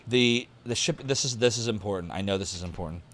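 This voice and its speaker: A man with a lowish voice and a quick pace streams a detective game, reading its newspaper text aloud. He chats casually, thinking out loud and jotting down notes as he goes.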